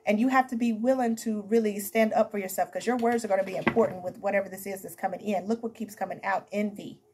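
A woman's voice: medium pitch, steady tone, fast, a little mellow, slight background noise. A woman giving a casual tarot reading to camera, chatty and emphatic, calling her viewers honey and baby. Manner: emphatic, repeats herself. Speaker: tarot reader.

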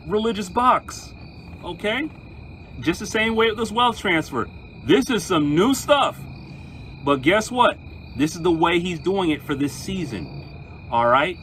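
A man, a pastor, talking to viewers in an emphatic, animated preaching style and telling stories. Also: sits high, a little hiss or hum, low-quality recording.

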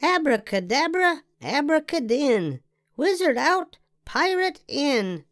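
A woman's voice: high voice, very animated, slow pace, dry recording, studio quality, pitched above the performer's own voice, exaggerated voice. A woman voicing a boastful young boy who plays wizard and pirate, with a mock-grand, chanting delivery.

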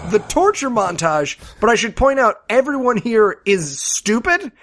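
A man with a high voice mocks a movie in casual podcast banter. His tone is sarcastic, and he slips into mocking voices when he quotes. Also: sing-song, measured pace, fairly bright tone. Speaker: podcast co-host. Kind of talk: casual comedic movie riffing.

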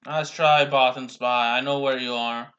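A young man casually commentating his own gameplay, rambling slowly with restarts, bothered by hiccups and coughs. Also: medium pitch, steady tone, sharp tone, dull audio.

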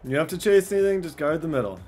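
A young man giving excited commentary on his own video game, shouting at big plays and repeating himself. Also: on the high side, rapid-fire, slightly rough, soft background music.

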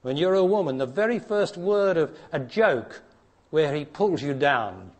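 A man giving a spiritual talk to an audience, blunt and challenging, dropping to hushed tones and then rising to emphatic ones. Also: lively intonation, unhurried. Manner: blunt, challenging, preacher-like, asks direct questions; swings between hushed low passages and raised emphatic ones. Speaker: spiritual teacher.

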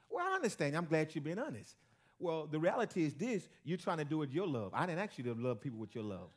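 A man preaching a sermon as pastor to a church congregation, with call-and-response and stretches that build to shouting. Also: fairly high pitch, very animated, fast talker.

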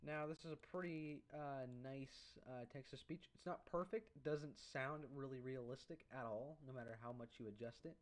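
A man narrates a casual software tutorial over a screen recording. He talks in an easygoing, halting way and often pauses on uh's. His voice sits in a middle range. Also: mid-range voice, slight background noise. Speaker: YouTube creator.

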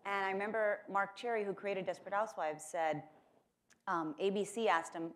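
A woman's voice: medium pitch, steady tone, normal speed. A woman from Texas giving a keynote speech, telling chatty, self-mocking stories with lots of fillers. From Corpus Christi, Texas. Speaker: keynote speaker. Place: lecture hall at a conference.

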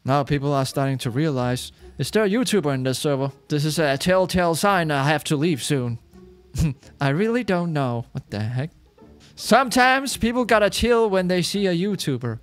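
A man giving casual, excitable commentary as a gaming YouTuber, chatty and laughing often. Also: on the high side, normal speed, soft background music.

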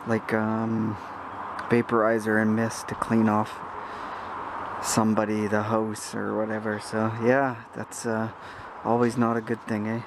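A man's voice: lowish voice, completely flat delivery, measured pace. Rambling older man vlogging outdoors. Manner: rambling, chatty, sidetracked. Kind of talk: casual vlog narration. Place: outdoors in a city street. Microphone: handheld camera. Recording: noisy outdoor camera audio.

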